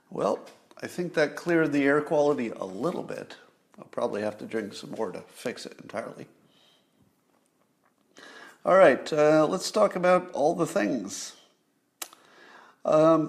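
Older guy musing on a home livestream, gravelly voice, chatty with viewers. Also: medium pitch. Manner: conversational, musing, talks to live viewers. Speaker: podcast host. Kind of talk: casual livestream monologue. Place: home, near a window.

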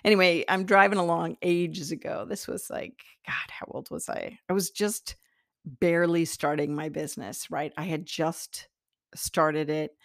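A woman's voice: deep voice, steady tone, measured pace, gravelly, no echo, studio quality. A middle-aged woman talking in a chatty teaching style, laughing often and restarting her sentences. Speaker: spiritual teacher. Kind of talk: casual teaching talk.

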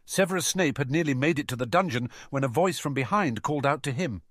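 A man's voice: medium pitch, fast, dry recording, studio quality. A man narrating a fan fiction audiobook expressively, voicing every character himself. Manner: expressive, performs all the characters. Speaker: audiobook reader.

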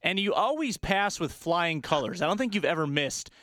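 A man with a hoarse, raspy voice hosting a sports talk show and quizzing his guest in an upbeat way. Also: sits high, sing-song, normal speed, a bit bright, dry recording, clean studio sound. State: hoarse from yelling. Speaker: sports podcast host. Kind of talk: casual sports talk and quiz.

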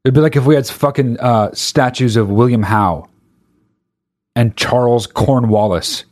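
A comedian doing a stand-up rant, talking in an exasperated, profane and rhetorical way. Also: male voice, mid-range voice, unhurried, darkish tone.

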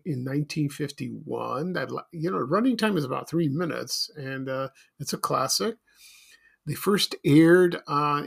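A man's voice: a little high, vocal fry, a bit bright. A middle-aged man from Chicago hosting a casual solo podcast, rambling and nostalgic with many fillers and restarts. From Chicago, USA. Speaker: podcast host.

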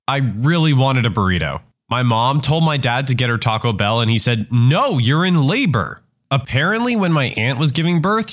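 Man, story narrator, very animated pitch, quoting others in a raised voice. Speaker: narrator reading online comments. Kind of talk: scripted narration of reader stories.

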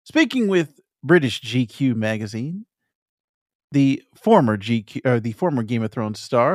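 A man's voice: mid-range voice, expressive, moderate pace, no room sound, clean studio sound. A man co-hosting a casual gaming podcast, reading news aloud in a playful, teasing way and laughing often. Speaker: podcast co-host.

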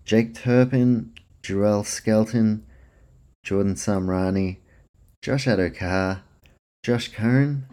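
A man's voice: fairly low pitch, takes it slowly, pauses often, warm tone. A man hosting a casual solo sports podcast, chatty and self-deprecating, reading through lists of names with a dry mouth. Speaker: podcast host.

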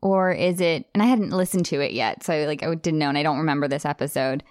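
A woman co-hosting a casual podcast chat, animated and explaining speech by acting out voices. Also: sits low, fast, no room sound, studio quality. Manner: animated, demonstrates accents and voices while explaining; chatty, with many restarts and fillers. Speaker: podcast co-host.

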